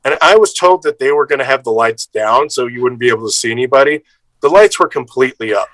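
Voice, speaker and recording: Bright-voiced man telling a lively story. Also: mid-range voice, quick pace, no room sound, low-quality recording. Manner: lively storyteller, acts out others' lines, swears casually. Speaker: improv performer guest. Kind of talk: casual anecdote telling.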